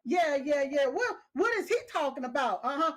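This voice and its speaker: A woman's voice: high-pitched, animated, moderate pace. A woman giving casual, opinionated commentary, emphatic and scolding, who keeps repeating "yes, yes" and "uh-huh". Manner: scolding, talks straight at the people she criticizes. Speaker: political commentator.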